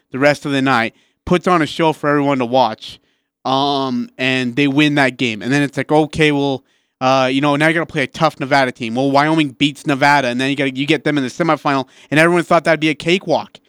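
A man co-hosting a sports radio show, talking excitedly in casual chat with many restarts and asides. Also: medium pitch, clean tone, no echo, clean studio sound.

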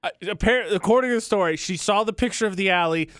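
A high-pitched man trades sarcastic banter as a radio co-host, piling on mock outrage as he tells a story. His voice is close and dry, with no room sound behind it. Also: fast, fairly bright tone, clear, resonant tone, no room sound.

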